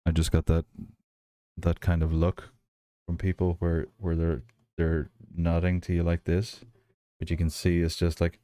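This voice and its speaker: A man with a softened Irish accent, chatting casually and rambling as a livestream host. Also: deep voice, a little slow, no echo. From Ireland. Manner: rambling, relaxed, many fillers and restarts. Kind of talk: casual chat while building and reading chat.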